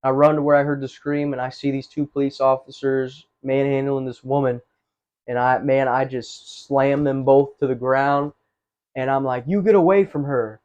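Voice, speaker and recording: A man telling his life story with earnest, halting speech, full of restarts and fillers. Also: mid-range voice, completely flat delivery, a little mellow, clear, resonant tone. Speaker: testimony guest. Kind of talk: personal testimony, casual storytelling. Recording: slightly dull, muffled recording.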